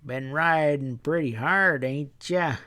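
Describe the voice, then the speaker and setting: A man reading an audiobook, voicing a sly young stableman who talks in a placid, slow drawl. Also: a little high, pushed and bright.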